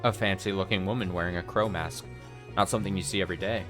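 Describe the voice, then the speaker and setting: A man's voice: deep voice, steady tone, fast, over music. A man in his thirties giving rambling, profane let's play commentary full of fillers and restarts. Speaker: streamer.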